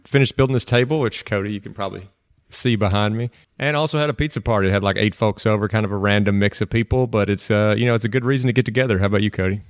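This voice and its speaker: A man's voice: fairly low pitch, racing, dry recording. Easygoing male podcast co-host, dry sound. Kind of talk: casual podcast chat.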